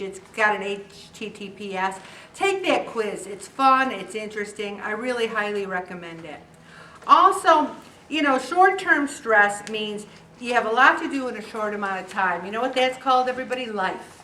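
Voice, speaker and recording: A fairly high-voiced woman talks to a support group in a chatty, joking way, slipping into the voices of the people she quotes. Her voice rings around a roomy hall and is picked up from some distance away. A faint hum of room noise sits underneath. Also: animated, moderate pace, pushed and bright. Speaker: weight loss group leader. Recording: echoey room, voice picked up from afar.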